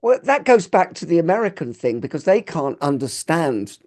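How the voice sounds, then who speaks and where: A man's voice: fairly high pitch, big pitch swings, moderate pace, darkish tone. A man hosting a podcast, musing and inviting agreement with leading questions in casual chat. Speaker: podcast host.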